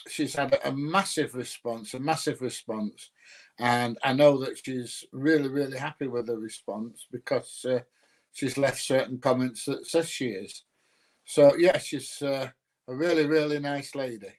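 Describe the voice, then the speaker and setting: A man's voice: mid-range voice, a little mellow. Rambling South Yorkshire man chatting live. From North Nottinghamshire, England. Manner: rambling, with many ums and uhs; friendly, greets viewers by name. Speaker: YouTuber greeting live chat. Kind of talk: casual live stream chat.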